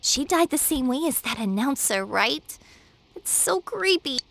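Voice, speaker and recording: A woman's voice: high voice, big pitch swings, a little slow, vocal fry, fairly bright tone, slight background noise, full character voice. A woman voicing a blunt, caring teenage schoolgirl in a video game, anxious and direct. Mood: chatty.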